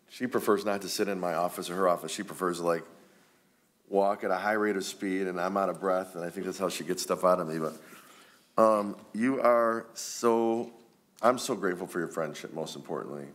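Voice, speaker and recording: A man with a low voice addresses a township board meeting. He talks in a friendly, rambling way, full of ums and asides. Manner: warm, rambling, many ums. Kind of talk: public meeting remarks.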